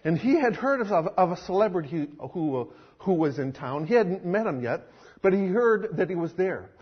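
A man's voice: sits high, big pitch swings, normal speed, slightly rough, highs cut off. A male pastor preaching a sermon, dramatic in his storytelling. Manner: dramatic, acts out characters.

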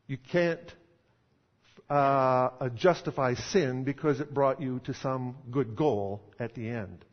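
A man's voice: mid-range voice, slow pace. A man preaching a sermon in a conversational, emphatic style with rhetorical questions. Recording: dull sound in a reverberant hall.

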